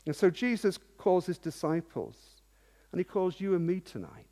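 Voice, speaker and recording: A fairly high-voiced man preaches an earnest sermon, often stopping to ask rhetorical questions and stumbling over repeated words. His voice rings out with a long reverb that fills a large hall. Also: moderate pace, dark tone.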